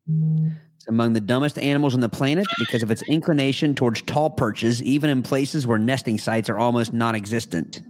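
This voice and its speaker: A man's voice: mid-range voice, slight background noise. A man co-hosting a podcast, reading out a top ten list of facts with stumbles and laughs. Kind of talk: casual chat.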